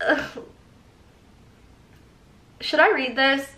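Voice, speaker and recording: A young woman vlogger chats through a casual storytime, bright and a little high, laughing as she reads old messages aloud. The room around her is echoey. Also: moderate pace. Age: young adult. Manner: chatty, reads texts aloud with laughing asides.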